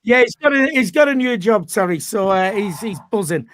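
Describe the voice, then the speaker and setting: A man hosting a live football fan stream, upbeat and chatty, often pausing mid-sentence. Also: high voice, lively intonation, a bit bright, no echo. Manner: upbeat, chatty presenting with frequent hesitations. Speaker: host.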